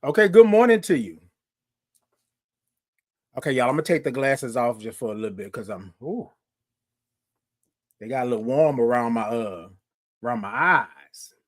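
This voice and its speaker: A man's voice: mid-range voice, big pitch swings, normal speed, long pauses. A man hosting a live morning show, chatting casually with viewers, talking to them directly and often repeating himself. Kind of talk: casual livestream chat.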